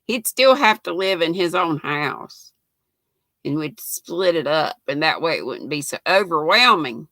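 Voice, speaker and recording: A woman's voice: deep voice, very animated, measured pace, bright, forceful tone, dry recording. A woman, chatting casually with viewers, reading out comments and laughing often on her livestream. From United States. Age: 60s. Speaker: livestream host reading chat. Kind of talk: casual chat.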